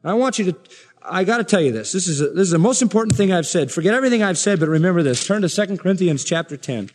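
A man preaching a sermon. He builds with pointed rising questions and drops low for quieter asides. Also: animated, very fast. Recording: echoey hall reverb.

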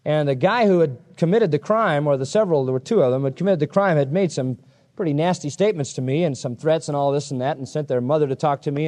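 A man preaching an expository sermon, emphatic and conversational, telling stories from his own life. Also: on the high side. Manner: animated, emphatic, conversational storytelling.

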